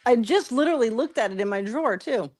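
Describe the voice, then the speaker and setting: A woman's voice: fairly high pitch, animated, quick pace, a little mellow, dry recording. A woman co-hosting a podcast in casual chat, telling anecdotes and laughing often. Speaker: podcast co-host.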